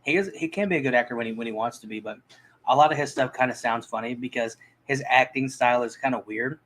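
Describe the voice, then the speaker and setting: A man's voice: medium pitch, fast talker, a bit bright, low-quality recording. A man reviewing movies in a casual, rambling chat, full of restarts and fillers.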